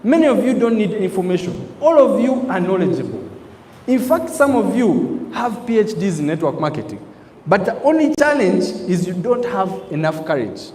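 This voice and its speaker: A man's voice: high-pitched, big pitch swings, normal speed, dark tone, slight background noise. A man giving an emphatic, preacher-like motivational training talk in a hall, asking the audience questions. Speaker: network marketing trainer. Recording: echoey hall, faint ambience.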